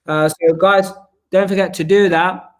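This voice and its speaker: A man's voice: sits high, steady tone, a little slow. A man hosting a live-stream chat, talking energetically and rambling with restarts over a video call. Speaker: host.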